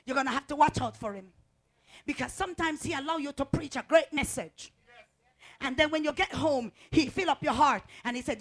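A woman preacher delivering a fervent sermon, calling out to the congregation and swinging from quiet talk to shouting. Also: expressive, a little fast. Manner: call-and-response, swings from low talk to shouting.

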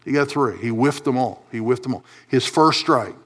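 A man delivering a sermon from the pulpit. His delivery is lively and emphatic, jumping from hushed low lines to loud, high, pressing peaks. He sounds like a pastor working a congregation. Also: normal speed, hardly any pauses, husky. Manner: animated preaching, rising to loud emphatic peaks and dropping to low asides.

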